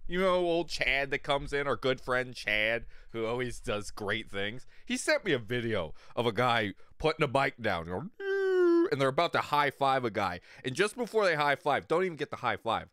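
Animated, crude-talking male streamer. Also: mid-range voice, normal speed, few pauses, clean tone, no room sound, studio quality. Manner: crude, rambling, laughs often; talks to chat viewers. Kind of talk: casual livestream chat.

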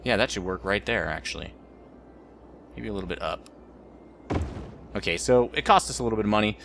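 A man's voice: fairly low pitch, fairly quick, gravelly, fairly bright tone, a little hiss or hum. A man rambling through let's play commentary as the host of a gaming channel, joking about his own mistakes.

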